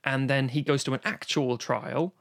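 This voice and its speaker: Excitable, swearing man talking films. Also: medium pitch, normal speed, gravelly. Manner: enthusiastic, swears freely, rambling with restarts. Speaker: podcast co-host. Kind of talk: casual film discussion. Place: home, recorded remotely during lockdown.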